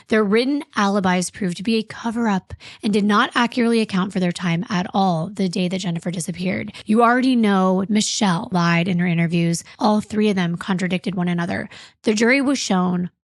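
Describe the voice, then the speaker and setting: Expressive woman hosting a true crime podcast. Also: mid-range voice, a little fast, no echo, clean studio sound. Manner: expressive, reacting with indignation. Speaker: podcast co-host.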